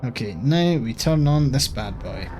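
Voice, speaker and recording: A man's voice: mid-range voice, expressive, measured pace, a little mellow, faint music behind. A man with a Scottish accent giving casual let's-play commentary, thinking aloud and swearing offhandedly as he plays. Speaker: gaming channel host.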